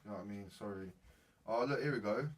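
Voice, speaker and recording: Young man, low voice, off-mic. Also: fast talker. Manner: slangy, rambling, laughs often. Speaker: podcast co-host. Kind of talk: casual chat. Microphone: faulty mic. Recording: distant mic with faint noise.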